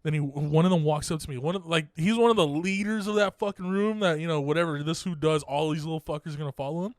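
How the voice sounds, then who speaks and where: Young guy on a podcast telling a story, kinda high voice, laughs a lot, swears, does everyone's lines, dry close sound. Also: fast talker, no room sound. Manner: laughing often, swearing, acting out others' lines. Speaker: podcast co-host. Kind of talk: casual storytelling.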